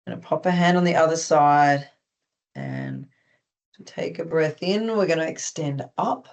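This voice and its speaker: An instructor with an Australian accent calmly guiding a group through stretches, gently instructive with light touches of humor. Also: medium pitch, a little slow. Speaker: movement instructor. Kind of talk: guided stretching class.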